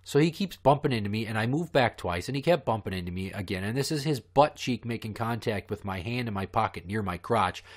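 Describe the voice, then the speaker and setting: A man's voice: fairly low pitch, lively intonation, a little fast, hardly any pauses. A man hosting a podcast who tells stories in a profane, heated, ranting way. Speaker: podcast host. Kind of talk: ranting storytelling.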